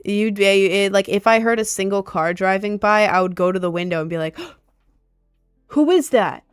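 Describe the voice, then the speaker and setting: Chatty young woman, smooth dry voice. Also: medium pitch, steady tone, brisk, dry recording, faint music behind. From Maryland, USA. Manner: rambling, heavy filler "like". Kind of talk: casual chat to camera.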